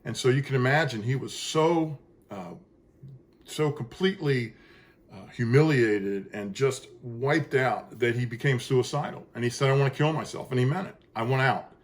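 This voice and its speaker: A composer speaks casually and earnestly about how he made his choral piece, his voice medium-pitched at a moderate pace. His spoken explanation wanders through asides, full of fillers and restarts.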